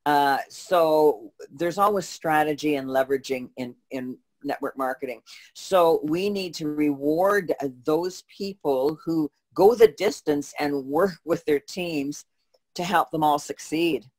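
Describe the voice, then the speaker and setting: A co-host with a medium-pitched, darkish voice answers questions in a casual conversational Q&A. Unhurried, they explain steadily but with frequent false starts and fillers.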